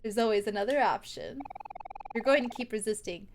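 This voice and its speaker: A woman's voice: fairly high pitch, fairly quick, noisy background, close to an everyday voice. A woman voicing scheming slime shopkeeper sisters from a video game, reading the dialogue aloud in a sly, mock-polite way. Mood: sly menace.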